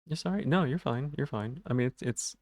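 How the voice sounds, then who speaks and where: Male game streamer, stutters on some words, rambling and self-deprecating, middle-pitched voice. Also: lively intonation, fairly quick, a little mellow, no room sound, studio quality. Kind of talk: casual live-stream chat.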